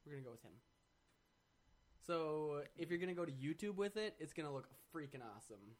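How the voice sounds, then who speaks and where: A man's voice: on the high side, expressive, a little fast, a little mellow. Playful male podcast co-host. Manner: jokey, playful, makes things up. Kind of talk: casual chat.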